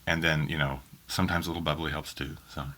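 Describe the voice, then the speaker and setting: Very deep-voiced man, faint Southern accent. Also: flat delivery, fast, bright, forceful tone, a little hiss or hum. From Oklahoma, US. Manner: rambling, many ums and restarts. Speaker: audiobook narrator. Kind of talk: casual interview answers. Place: small home booth in a spare bedroom.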